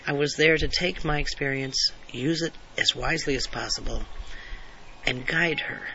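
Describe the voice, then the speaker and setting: A man's voice: mid-range voice, sharp tone, muffled recording, a little hiss or hum. Earnest man telling a personal story.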